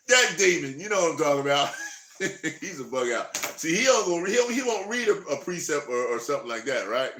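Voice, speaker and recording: A man teaching from scripture, drawing out the verses slowly before jumping into lively, chuckling commentary. His voice is bright and forceful, and it rings in an echoey room. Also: a little high, slight background noise. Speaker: Bible teacher. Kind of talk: Bible study, reading scripture aloud.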